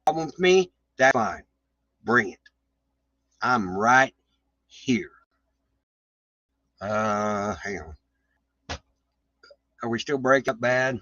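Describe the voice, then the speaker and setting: A man's voice: fairly low pitch, extremely slow, long pauses, sharp tone, no echo, dull audio. Fired-up man ranting on a livestream. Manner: confrontational, swearing, restarts. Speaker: livestream host. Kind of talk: heated livestream rant.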